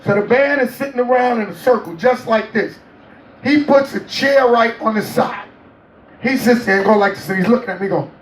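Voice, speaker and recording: A man as an interview guest, telling a story in a casual, animated way, laughing and acting out quotes. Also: very high voice, a little fast. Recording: roomy, distant mic, faint noise.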